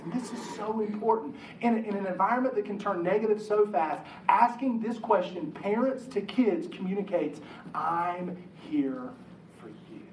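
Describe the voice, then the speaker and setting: A man's voice: sits high, a little hiss or hum. A man preaching a conversational sermon, slipping into the voices of the people he quotes. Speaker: pastor. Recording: echoey room, mic from a distance.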